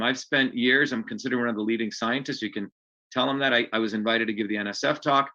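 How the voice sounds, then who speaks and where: A blunt, digressive man hosts a live online session, his voice bright and forceful. He rambles from point to point. The stream audio is dull and lo-fi. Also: mid-range voice. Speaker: host. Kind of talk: live online open house talk.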